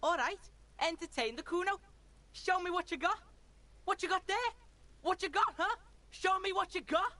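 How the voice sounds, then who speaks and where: A woman's voice: extremely high pitch, normal speed, long pauses, pushed and bright. A woman playing a jeering, foul-mouthed street boy. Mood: taunting. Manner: cocky, jeering, talks of himself in the third person. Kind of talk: video game voice acting.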